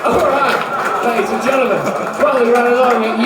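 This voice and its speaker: A man's voice: very high voice, steady tone, normal speed. Male MC hyping the room, heard far off in a big echo. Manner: hyping up the crowd, shouting. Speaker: MC introducing acts. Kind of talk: stage introduction. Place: comedy club stage. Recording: very echoey hall, distant, loud crowd.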